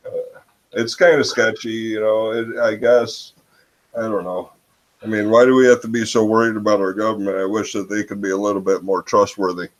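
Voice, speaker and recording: A man's voice: fairly low pitch, fairly even intonation, moderate pace, low-quality recording. A man from Michigan hosting a casual chat over a video call, musing and hesitant, often trailing off with "I don't know.".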